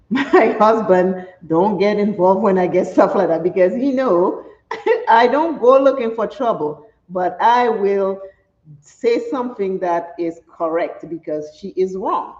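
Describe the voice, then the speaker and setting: A woman's voice: medium pitch, takes it slowly. Lady chatting thru her makeup, laughs a lot, kinda roomy muffled audio. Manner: animated, laughs often, acts out quoted speech. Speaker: makeup vlogger. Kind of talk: casual chatty storytelling while doing makeup. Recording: roomy, slightly dull home recording.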